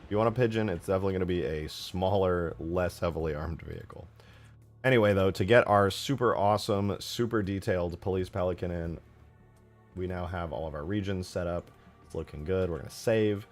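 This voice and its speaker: Low-voiced man casually narrating his modding. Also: a little fast. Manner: relaxed, self-correcting, rambling. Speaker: modding streamer. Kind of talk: casual commentary while modding. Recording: faint background music.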